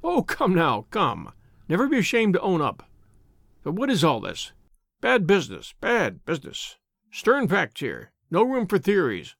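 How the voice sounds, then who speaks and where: A man voicing a stout, pompous police inspector in an audiobook, with a husky, wheezing voice and a loud, boastful manner. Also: high voice, wildly swooping pitch, unhurried, no room sound, clean studio sound, exaggerated voice. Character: stout blustering middle-aged police inspector. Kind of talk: audiobook character voice.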